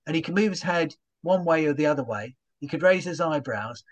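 A man, a comedian guest in an interview, telling stories in an animated way and acting out little voiced asides. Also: fairly high pitch, brisk. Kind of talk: conversational interview.

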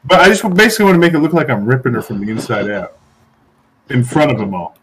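A man playing in a tabletop game, animated and swearing as he speaks in character. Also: medium pitch, quick pace, slightly rough. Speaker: player. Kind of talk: casual tabletop game play.

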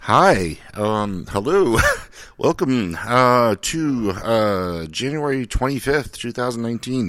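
A man's voice: medium pitch, lively intonation, slow, fairly bright tone, dry recording. A man hosting a podcast in casual chat, sardonic and profane, rambling with lots of fillers. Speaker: podcast host. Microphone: studio microphone.

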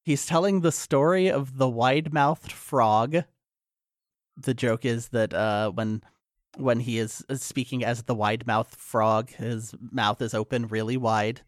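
A man's voice: medium pitch, steady tone, unhurried, no room sound. A man recaps a movie for a podcast, talking casually in a mid-range voice and piling on fillers and false starts. The sound is close and dry, with no room around it. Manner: recounts scenes with fillers and restarts. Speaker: podcast co-host.

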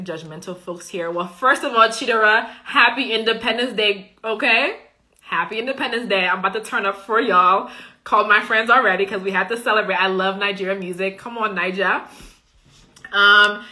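This Liberian-born coach, who also hosts live streams, has a mid-range voice with a sharp edge. She chats casually and emphatically while answering viewer comments, frequently tossing in "okay?"

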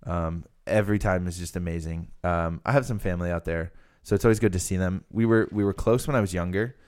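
A man's voice: sits low, fast talker, darkish tone, smooth. A young man from Rhode Island hosting a podcast, chatting casually and rambling with lots of fillers. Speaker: podcast host. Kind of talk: casual chat.

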